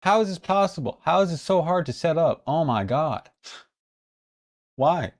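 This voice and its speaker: A woman's voice: low-pitched, animated, normal speed, darkish tone. A woman streamer giving casual, sarcastic commentary while she reacts to a clip, swearing freely.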